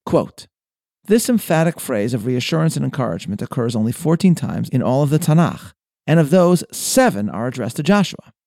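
A man giving a scripted talk, reading aloud in a measured, deliberate way. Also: mid-range voice, sing-song, vocal fry, darkish tone, dry recording, studio quality. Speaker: speaker on Jewish history.

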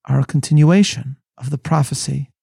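A man hosting a scripted Bible lesson, speaking in a measured, scholarly, sermon-like way. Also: medium pitch, gravelly, mellow, slightly rough, no echo, studio quality. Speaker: host and rabbi.

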